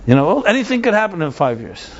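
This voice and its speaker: A man's voice: high voice, big pitch swings, fast talker, muffled recording, pitched above the performer's own voice, exaggerated voice. A man doing a sly, confident old sage. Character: shrewd old village sage, calm and confident.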